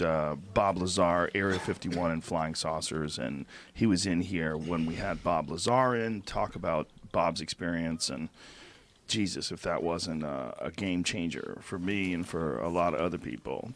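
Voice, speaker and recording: Deep-voiced man hosting an interview. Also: a bit bright. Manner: conversational, prompting the guest with questions. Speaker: podcast host. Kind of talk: casual interview.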